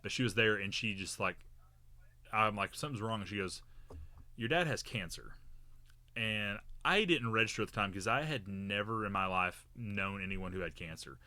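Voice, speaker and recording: A man's voice: on the low side, moderate pace, sharp tone, no room sound. A man co-hosting a podcast, telling a long story in a rambling, casual way with many fillers and restarts. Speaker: podcast co-host.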